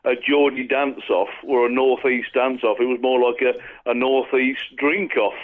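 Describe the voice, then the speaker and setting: Excited guy rambling down a tinny phone line, mid-pitched voice, loads of "you know". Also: moderate pace. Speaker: guest on a phone call. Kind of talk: casual chat.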